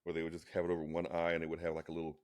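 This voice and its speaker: A man with a very low voice talks in a casual chat. He argues his point insistently and often restarts or repeats his words. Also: very fast. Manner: insistent, animated when arguing. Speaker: co-host.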